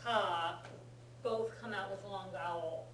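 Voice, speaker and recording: A woman's voice: mid-range voice, steady tone, takes it slowly, fairly bright tone. An American woman teaching a casual language lesson, explaining patiently and encouraging her student, with plenty of fillers. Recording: roomy room from far off, faint hum.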